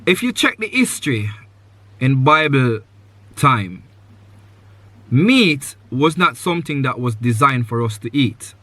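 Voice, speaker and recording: Male podcast host, mid-pitched and bright-toned, earnest advice-giver, dry close recording. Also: sing-song, unhurried, long pauses, no echo. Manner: earnest, advice-giving, repeats key points; loose sentences with many "you know" fillers. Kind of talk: live podcast conversation with a guest.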